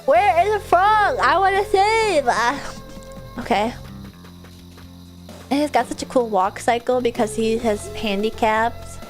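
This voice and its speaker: A woman streaming a video game, chatting excitedly and casually, swearing now and then. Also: fairly high pitch, unhurried, pauses often. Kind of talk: casual gameplay livestream chat. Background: faint game music.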